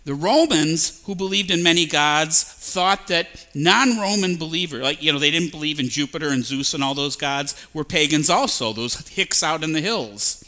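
Bright-voiced animated pastor preaching. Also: male voice, fairly high pitch, normal speed, hardly any pauses. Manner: animated, mimics babbling sounds. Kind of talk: sermon. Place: church sanctuary.

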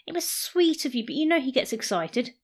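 A woman's voice: high-pitched, sing-song, a little fast, voice pushed up, full character voice. A woman voicing a gushing, affectionate young woman in a storybook reading.

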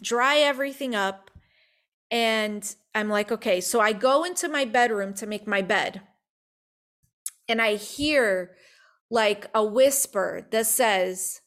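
Woman, higher voice, casual faith talk, animated storyteller, acts out quotes. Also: unhurried.

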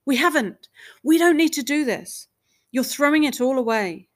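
A woman voicing an agitated, shouting husband. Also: high voice, very animated, fairly quick, pitched above the performer's own voice. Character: frustrated defensive husband, adult man.

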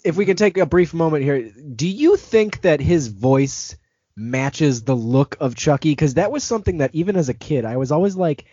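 Brief: expressive podcast guy, bouncy delivery, dry muffled call sound. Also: fairly high pitch, normal speed, dry recording. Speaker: podcast co-host. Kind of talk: casual film discussion. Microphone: video call. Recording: dry dull video call audio.

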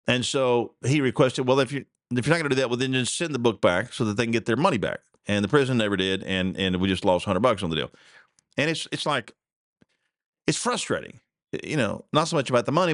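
A man's voice: medium pitch, lively intonation, fairly quick, a bit bright, no room sound, clean studio sound. A man hosting a casual solo news commentary show, rambling, repeating himself and chuckling along. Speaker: podcast host.

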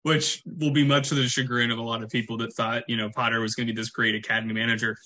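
A man's voice: mid-range voice, level tone, quick pace, bright, forceful tone. A man hosting a podcast, giving opinions on football and steering the talk. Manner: opinionated, wraps up segments. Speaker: podcast host. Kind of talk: casual sports chat.

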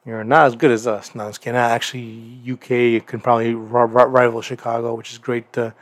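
A man's voice: mid-range voice, level tone, fairly quick, dry recording. A young man hosting a podcast, reviewing a wrestling event in a casual, rambling way full of restarts and repeated words. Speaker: podcast host.

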